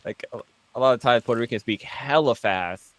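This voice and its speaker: A man co-hosting a podcast, telling stories in casual, profane chat. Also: fairly quick. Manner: animated storyteller, swears freely, lively pitch. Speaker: podcast co-host.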